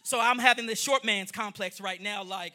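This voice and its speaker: High, bright-voiced preacher man. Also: normal speed. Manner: animated, acts out the story in voices, calls to the congregation. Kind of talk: sermon. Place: church in front of a congregation.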